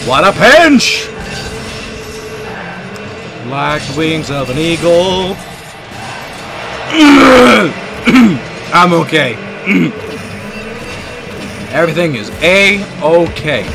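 Lively high-voiced male game streamer. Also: creaky, over music. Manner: joking, animated, quick to laugh and yell at the game. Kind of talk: casual gaming stream commentary.

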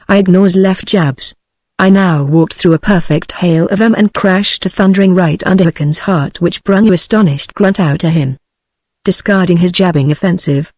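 A text-to-speech voice of a woman with a British accent, reading a novel aloud with an even, synthetic delivery. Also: on the low side, no room sound, clean studio sound. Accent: British English. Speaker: audiobook narrator.

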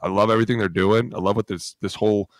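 A man's voice: lowish voice, fairly even intonation, fast, no echo, clean studio sound. A man co-hosting a football podcast, talking in a brash, profane, joking way about his playing days. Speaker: podcast co-host, former NFL lineman. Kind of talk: casual podcast chat.

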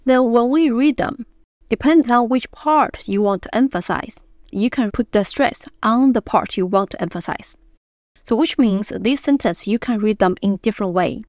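A woman teaching Mandarin pronunciation, explaining in short phrases and slowly repeating the example words. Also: mid-range voice, expressive, darkish tone, no echo, clean studio sound. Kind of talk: pronunciation lesson.

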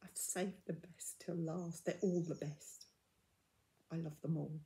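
A middle-aged woman in a casual unboxing vlog, gushing and often dropping into soft half-whispers as she reads out labels. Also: low voice, unhurried, gravelly. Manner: reads out yarn labels in a steady list. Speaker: craft vlogger.

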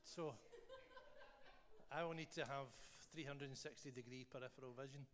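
A Scottish-accented church leader with a mid-range voice and normal pace leads a service in a church hall, praying before running a playful quiz for the congregation. He's jokey and animated with the room, and the recording has long church-hall reverb and faint noise.

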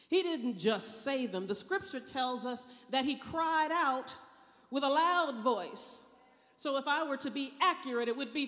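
A woman preacher delivering a Good Friday sermon, calling on the congregation for responses and rising to loud cries. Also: high voice, expressive, slow pace. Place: large church. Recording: long church hall reverb.

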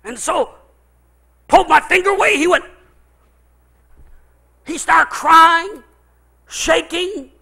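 A middle-aged man, a pastor, preaching a sermon as he tells stories, swinging between loud exclaiming and low, intense stretches. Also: takes it slowly, gravelly, long pauses.

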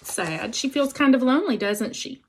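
A woman teacher reading a children's book aloud, with an expressive storytelling manner. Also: high-pitched, moderate pace, a little hiss or hum.

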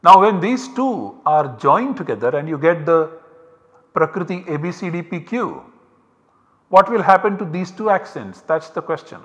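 Methodical male lecturer, slightly high voice. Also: very animated, fairly bright tone, in a large hall. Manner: slow, methodical explaining. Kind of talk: university lecture.

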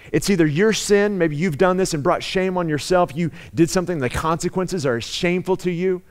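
A man preaching a sermon, telling the story with animated asides and acting out its people. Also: fairly high pitch. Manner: conversational, frequent "right?" asides. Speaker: pastor.

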